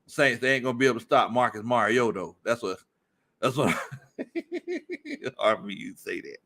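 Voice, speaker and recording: A man hosting a casual sports livestream, reading viewer comments aloud and breaking into loud laughter. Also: medium pitch, normal speed. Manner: laughs often, loud animated outbursts. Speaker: sports stream host.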